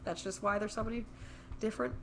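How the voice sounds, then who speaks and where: A woman's voice: medium pitch, fairly even intonation, fast talker. Chatty podcast lady, fillers everywhere, slight background hiss. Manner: chatty, filler-heavy, laughs often. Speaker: podcast co-host. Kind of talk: casual chat.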